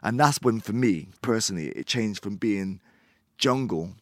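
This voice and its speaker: A man, chatting casually as an interview guest, relaxed and rambling with many fillers. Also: lowish voice, moderate pace, dry recording, studio quality. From Bristol, England. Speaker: guest musician.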